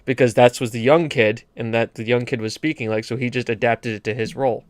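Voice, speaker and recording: A man hosting a casual podcast chat, animated and quick to slip into mock accents. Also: mid-range voice, no echo. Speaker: podcast host.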